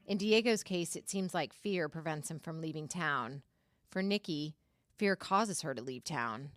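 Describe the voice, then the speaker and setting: A woman hosting a writing-class radio episode, narrating her own story in a calm, reflective way. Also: sits low, measured pace, dry recording, clean studio sound, soft background music. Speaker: episode host.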